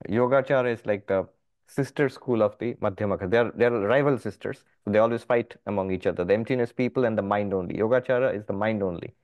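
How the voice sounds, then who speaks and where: A middle-aged man, a monk, teaching a philosophy class, explaining step by step with lively emphasis. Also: fairly low pitch, fast, highs cut off. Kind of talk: philosophy lecture.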